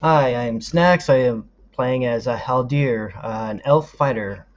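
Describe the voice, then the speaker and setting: A man introduces his character to the table as a player in a tabletop game. He speaks very slowly and haltingly. His voice comes through dull and lo-fi. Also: mid-range voice. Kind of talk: casual chat. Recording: dull lo-fi sound.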